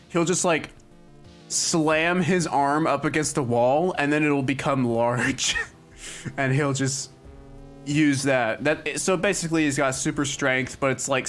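A man's voice: a little high, unhurried, a bit bright. A young man chatting casually on a livestream, rambling with lots of "like" and "um" fillers. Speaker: streamer. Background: faint music.

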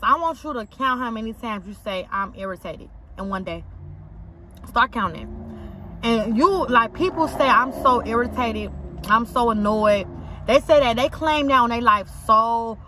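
Young woman vlogging in her car, loud bright voice, slangy and emphatic, faint traffic outside. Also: a little high. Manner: emphatic, repeats herself for punch, slangy. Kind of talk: casual eating vlog talk to camera. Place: inside a parked car outside an auto shop.

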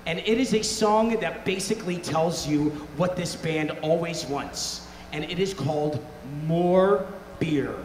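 A man's voice: fairly high pitch, measured pace, a little hiss or hum. A man leading a band on stage, joking with and rousing the crowd between songs in a festival tent. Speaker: bandleader. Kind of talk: onstage crowd banter. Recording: echoey tent with live band music.

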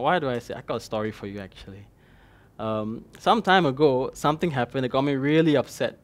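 A man with a Malaysian English accent preaching a conversational sermon, acting out his own dialogue with God. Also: a little high. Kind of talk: sermon with personal story.

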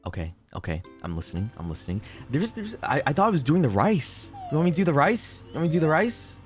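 A man's voice: fairly high pitch, sing-song, fast, soft background music. A male streamer playing a co-op game, playful and panicky, who repeats himself and swears a lot. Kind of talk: casual gaming banter.

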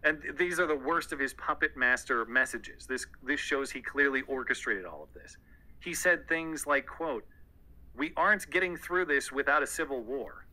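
A man's voice: mid-range voice, expressive, normal speed, bright, forceful tone, low-quality recording. A man co-hosting a podcast, explaining a court case in a dry, sardonic way. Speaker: podcast co-host. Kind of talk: podcast commentary.

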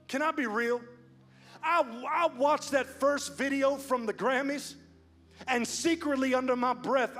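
A man preaching a sermon as pastor, swinging from hushed, slow lines to loud, fast build-ups. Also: very high voice, fairly even intonation. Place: church sanctuary. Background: soft music.

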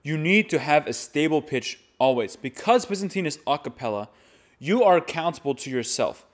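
Young male chant teacher, slightly high voice, instructional delivery. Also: lively intonation, normal speed. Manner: demonstrates by reading and chanting examples. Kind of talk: instructional talk.

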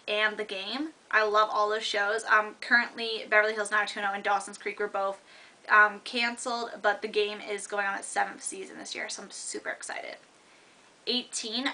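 A woman's voice: mid-range voice, pushed and bright. A young woman in university chatting casually to camera, rambling with lots of fillers and restarts. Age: young adult. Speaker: vlogger.

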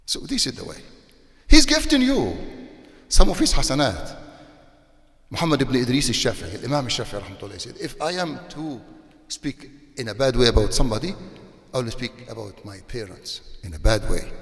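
A sheikh giving a religious talk in a hall with long reverb speaks briskly in a mid-range male voice. His non-native English carries many Arabic religious phrases, and scolding makes him animated.

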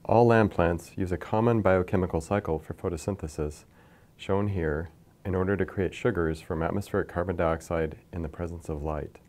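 A man lecturing from slides in a measured, explanatory way, pointing to figures as he goes. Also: low-pitched, darkish tone. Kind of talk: scripted science lecture over slides.

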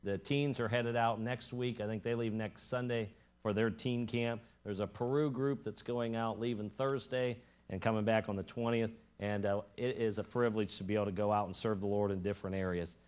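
A man's voice: steady tone, fairly quick, hardly any pauses, clean tone. A man, a pastor, giving church announcements, a prayer and an emphatic sermon at an evening service. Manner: announcements and prayer, then emphatic preaching that rises in pitch and loudness.

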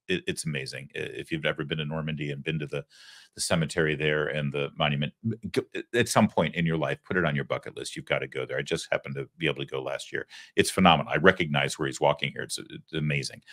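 A man's voice: a bass voice, pushed and bright. A man hosting a political commentary show, talking in a sarcastic, indignant way. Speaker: host.

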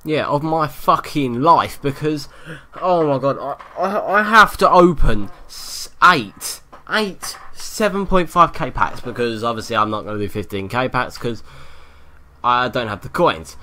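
A man giving live gameplay commentary, excitable, swearing often and yelling at the game. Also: medium pitch, a little slow. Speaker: gaming YouTuber.

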